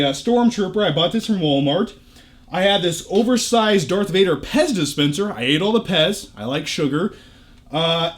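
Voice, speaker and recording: A man with a fairly high voice that swings widely up and down as he talks. He chats his way through a tour of his home theater room, tossing in jokes and casual swearing. He sounds close and clear on a camera shotgun mic. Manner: chatty, joking asides, casual swearing.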